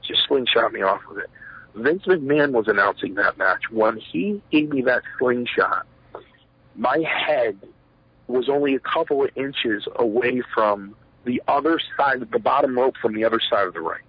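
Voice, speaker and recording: A man's voice: mid-range voice, normal speed, husky. A middle-aged man, a former pro wrestler, telling stories in a rambling interview, full of fillers and acted-out quotes. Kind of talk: shoot interview storytelling. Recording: dull lo-fi sound, dry.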